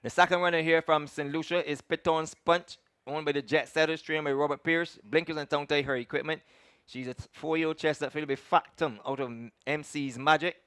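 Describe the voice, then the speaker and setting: A man, a racecourse announcer reading out the runners and recapping results in a measured, formal way, politely correcting his own slips from a commentary box. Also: fairly high pitch, steady tone, a bit bright, clean tone, no room sound, clean studio sound. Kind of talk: horse racing announcing and recap.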